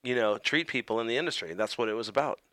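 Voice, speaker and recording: A man's voice: mid-range voice, fast, sharp tone, dry recording. A man co-hosting a talk show, bantering bluntly and defensively. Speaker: co-host. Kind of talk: casual chat.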